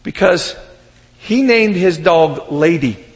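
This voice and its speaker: Animated man preaching in a reverberant hall. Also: on the high side, slow. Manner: animated storytelling, shouting in character. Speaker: pastor. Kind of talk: sermon with humorous stories.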